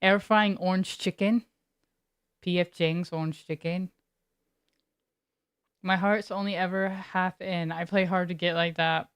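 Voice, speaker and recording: A woman's voice: fairly low pitch, fairly even intonation, measured pace, pauses often, smooth, dry recording. A woman streamer chatting casually with her live viewers, laid-back and giggly, greeting people by name. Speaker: game streamer.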